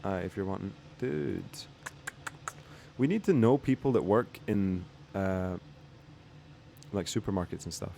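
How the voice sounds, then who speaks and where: A man's voice: low voice, unhurried, creaky, pauses often, dark tone, slight background noise. A young man streaming casually, laid-back and rambling, with some swearing. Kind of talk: casual livestream chat.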